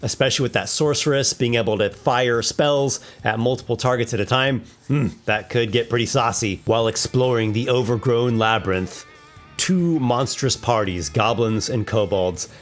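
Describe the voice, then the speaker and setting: Guy running a d&d monster fight, excited, mid-pitch voice, soft guitar behind him. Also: moderate pace. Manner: enthusiastic, thinks aloud over dice rolls. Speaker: host running a monster battle. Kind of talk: narrating a tabletop combat simulation.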